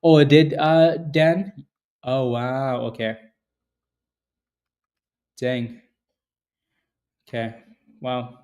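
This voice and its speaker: A man's voice: medium pitch, little pitch movement, very slow, pauses often, a little mellow. A man hosting a live stock trading stream, chatting loosely and answering viewers by name, often restarting his sentences. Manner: rambling with many restarts. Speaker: stock trading livestream host. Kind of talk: live-stream market commentary.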